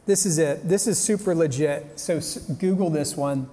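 A man's voice: on the high side, moderate pace, mellow, slight background noise. Upbeat man giving a joking faith talk. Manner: enthusiastic, joking, punchy rhetorical questions. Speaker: speaker at a young professionals' faith event. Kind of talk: energetic motivational faith talk. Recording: live talk in a reverberant hall.

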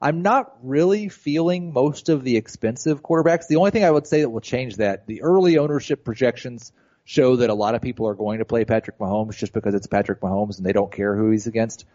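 A man appearing as a regular guest on a fantasy football podcast, talking quickly and eagerly. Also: mid-range voice, a little mellow, lo-fi sound. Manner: enthusiastic, quick, talkative. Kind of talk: casual podcast chat. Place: hotel.

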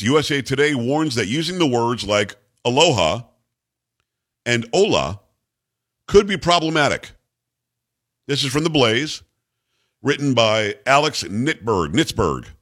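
A man's voice: medium pitch, a bit bright. A man hosting a talk radio show, reading news items aloud and mocking them in a combative, sarcastic way. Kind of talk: opinionated talk radio monologue.

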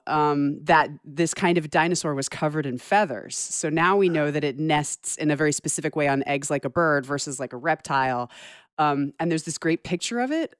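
A woman co-host in casual radio chat, enthusiastic and animated, laughing often. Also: deep voice, clean tone, no echo, studio quality. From Pittsburgh.

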